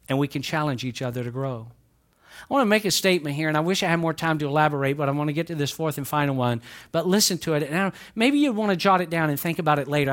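Southern male pastor, high tenor, emphatic pulpit delivery that rises and drops. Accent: Southern American. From Southern United States. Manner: emphatic preaching, swinging between raised exhortation and quiet asides. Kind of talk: sermon. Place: church sanctuary.

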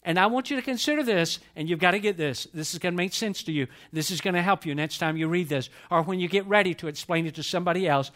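High-voiced man preaching with passion. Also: fast talker, hardly any pauses. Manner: impassioned, repetitive preaching with sudden swells and hushed drops. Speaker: pastor. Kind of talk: sermon. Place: church service.

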